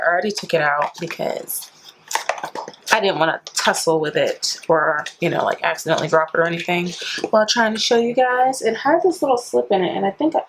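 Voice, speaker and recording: A beauty vlogger chats casually through a product review, saying "like" constantly and tossing out playful slang, calling viewers sis and honey. Her voice sits on the low side, and the background is noisy.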